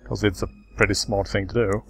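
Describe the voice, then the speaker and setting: A man hosting a let's play, calmly explaining game mechanics step by step in casual commentary. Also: lowish voice, brisk, vocal fry, slightly rough.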